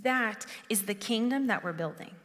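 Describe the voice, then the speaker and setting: A woman's voice: a little high, normal speed, a bit bright. Earnest woman preaching in a reverberant hall. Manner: earnest, conversational, with frequent restarts. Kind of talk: sermon.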